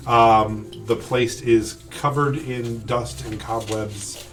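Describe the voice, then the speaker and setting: A man's voice: medium pitch, steady tone, slow pace, fairly bright tone, far from the mic, faint music behind. A man running a tabletop game as game master, describing scenes with frequent ums and restarts. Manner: hesitant, lots of ums and restarts.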